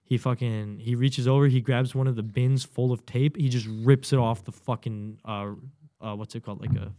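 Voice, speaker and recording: A young man, a podcast guest and new Marine, telling a story in casual talk, swearing a lot and loudly acting out what people said. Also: medium pitch, normal speed. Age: young adult. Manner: animated, swearing, acts out quotes loudly. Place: podcast studio.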